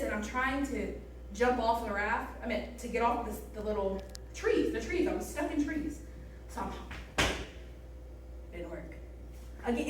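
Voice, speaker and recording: A woman with a fairly high voice preaches a youth sermon in a church hall. She tells her story in a chatty, animated way and keeps asking the crowd questions. Her voice echoes heavily, as if picked up from a distance. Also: a little hiss or hum. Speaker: youth pastor. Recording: roomy echo, mic from a distance.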